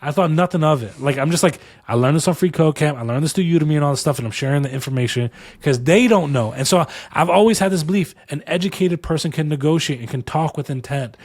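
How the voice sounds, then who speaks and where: Man, podcast co-host, tired, fairly high voice, dry close sound, lively storytelling, emphatic. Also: fast, few pauses, no echo. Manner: animated, acts out dialogue in stories; motivational, emphatic repetition. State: tired after back-to-back recording. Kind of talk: casual storytelling.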